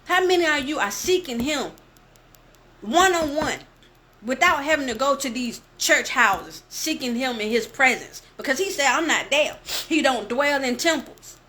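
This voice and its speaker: A woman with a high voice who reads scripture and preaches with passion. She talks straight to her listeners and slows down to lean on key phrases. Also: expressive, pushed and bright. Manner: impassioned, addresses listeners directly. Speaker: bible teacher.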